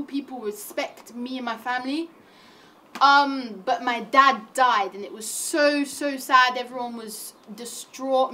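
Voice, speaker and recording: A young woman, delivering a comic monologue that retells a classic play in modern slang, animated and full of slangy asides. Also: a little high. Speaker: comedic performer.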